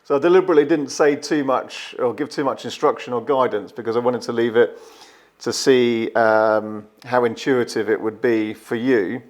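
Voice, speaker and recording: Young male vlogger, relaxed casual questioning, mid-range voice. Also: medium pitch, moderate pace. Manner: easygoing, with fillers. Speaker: vlogger interviewing his father. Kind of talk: casual chat.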